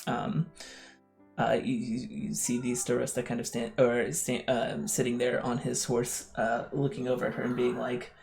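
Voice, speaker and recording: Gravelly man running a tabletop game. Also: mid-range voice, monotone, a little mellow, soft background music. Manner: halting, lots of fillers. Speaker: game master.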